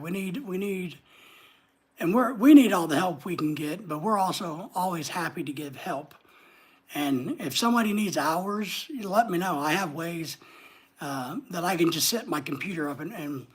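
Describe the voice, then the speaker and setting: A man's voice: fairly high pitch, slightly rough. A man with a neutral American accent hosts a casual livestream, rambling as he reads viewer comments aloud and answers them. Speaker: livestream host.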